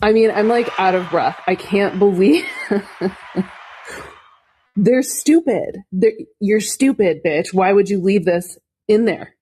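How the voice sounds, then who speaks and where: A woman's voice: medium pitch, slow pace, long pauses, mellow, slight background noise. A woman reading documents aloud as she comments, incredulous and mocking, with profanity.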